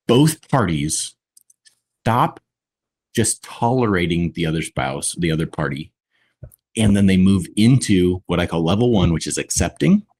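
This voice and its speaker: Husky low-voiced man, reflective podcast guest, deliberate delivery. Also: a little mellow. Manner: reflective, deliberate, with drawn-out pauses. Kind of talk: conversational podcast talk.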